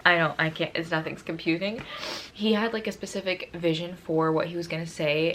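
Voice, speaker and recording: Young woman vlogging, emotional and gushy, lotta "like"s, slightly low voice, faint noise behind. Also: fairly bright tone. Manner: gushing, emotional, lots of fillers. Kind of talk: casual storytelling to camera.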